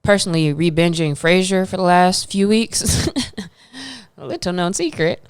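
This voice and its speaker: Low smooth-voiced woman podcast host. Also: normal speed, dry recording. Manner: relaxed and chatty, slangy, trails off with fillers. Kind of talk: casual podcast chat.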